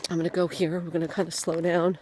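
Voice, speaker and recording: Halting, mock-serious woman outdoors. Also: on the low side, level tone, darkish tone, a little hiss or hum. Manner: halting, filler-heavy, mock-serious delivery. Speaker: comedian presenting mock field reports. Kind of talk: deadpan mock documentary narration. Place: outdoors, on location.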